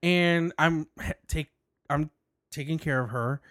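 A man's voice: a little high, unhurried, a bit bright, no room sound. A man co-hosting a podcast, telling a rambling story with lots of laughs and restarts. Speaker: podcast co-host. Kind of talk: casual chat. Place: indoor recording studio.

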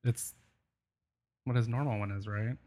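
A man's voice: mid-range voice, fairly even intonation, a little slow, warm tone. A man co-hosting a live show in casual banter, fumbling and exasperated while sorting out tasks. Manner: flustered, fumbling, exasperated asides.

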